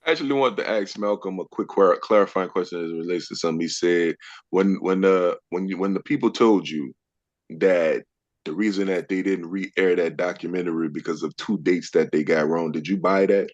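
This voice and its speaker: A man's voice: low-pitched, a little fast, no echo, highs cut off. A man with a New Orleans accent taking part in a casual book discussion group, earnest and self-deprecating.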